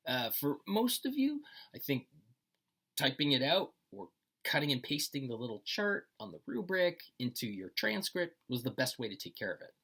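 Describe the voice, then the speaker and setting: Male instructor, breathy and bright-toned, lively pitch, unhurried lecture delivery. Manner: slow, deliberate, enunciating phrases. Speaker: college instructor. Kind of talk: recorded lecture commentary.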